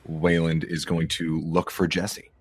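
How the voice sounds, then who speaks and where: Deep-voiced man describing his moves. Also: monotone, unhurried, breathy edge, poor audio. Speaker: player. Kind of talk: describing actions in a tabletop game.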